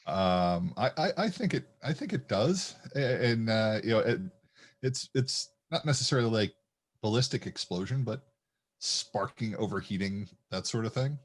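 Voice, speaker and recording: A man's voice: lowish voice, expressive, normal speed. A man playing a tabletop game, offering ideas in a tentative, stammering way. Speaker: player. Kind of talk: casual tabletop play.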